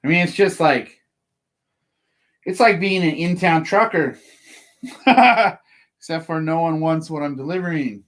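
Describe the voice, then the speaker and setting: A man's voice: fairly high pitch, measured pace, long pauses, fairly bright tone. A man who works as a process server tells work stories in a loose, rambling way, with lots of "like" fillers. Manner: laid-back, rambling, heavy "like" fillers. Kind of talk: casual storytelling.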